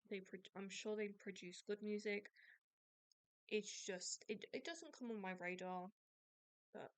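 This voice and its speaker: Slow-talking English woman, gravelly. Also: medium pitch, no room sound. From England. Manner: rambling, self-deprecating, many restarts. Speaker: podcast host. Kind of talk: casual chat.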